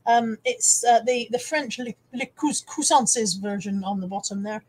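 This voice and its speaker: A woman's voice: on the high side, measured pace, darkish tone, rough recording. A middle-aged woman hosting a casual live stream from home. She chats and teases as she reads out viewers' comments and shows off the things she has bought to resell. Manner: chatty and teasing, reading out viewer comments. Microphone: camera on a wire, close by.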